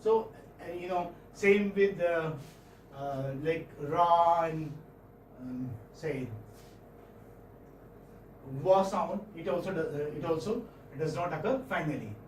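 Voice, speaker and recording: A man's voice: a little high, slow pace, long pauses, a little hiss or hum. A man teaching phonetics in a classroom lecture, patiently checking in with his students as he goes. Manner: patient, checks in often with "okay?" and "hmm?". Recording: echoey classroom, mic far off.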